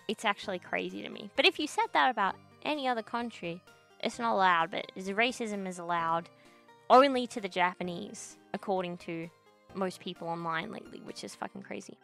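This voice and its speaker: A woman's voice: mid-range voice, gravelly, bright, forceful tone. A young woman streamer in a casual chat, ranting bluntly with lots of swearing and slang while reacting to chat.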